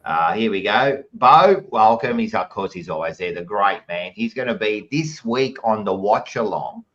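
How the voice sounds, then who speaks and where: An Australian man with a fairly low voice, hosting a casual footy podcast. He chats in a jokey, blokey way, throwing "mate" into almost every line. The recording sounds a bit dull and lo-fi. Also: lively intonation, moderate pace, a bit bright. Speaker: podcast host. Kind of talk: casual chat reading out live chat messages.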